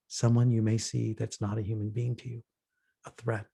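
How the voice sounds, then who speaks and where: A man's voice: lowish voice, level tone, normal speed, gravelly, dark tone, slightly rough. A man leading a workshop dialogue, earnestly telling stories and acting out the people he quotes. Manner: earnest storyteller, acts out quoted voices. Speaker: workshop facilitator. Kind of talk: reflective workshop talk.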